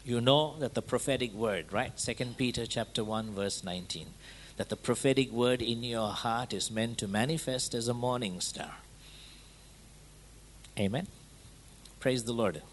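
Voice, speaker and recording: A man preaching a sermon in a conversational way, checking in with his listeners through quick rhetorical questions. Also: medium pitch, slight background noise.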